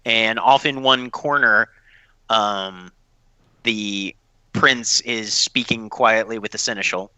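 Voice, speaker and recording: A man narrating as game master of a tabletop game, describing scenes with pauses and repeats. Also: on the low side, fairly even intonation, pushed and bright, clean tone, no echo, poor audio.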